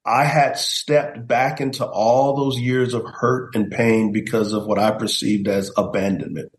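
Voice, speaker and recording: A man's voice: mid-range voice, steady tone, unhurried, roomy sound. A middle-aged man, a pastor and guest, telling a personal testimony in an earnest storytelling way and acting out the voices he quotes. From United States.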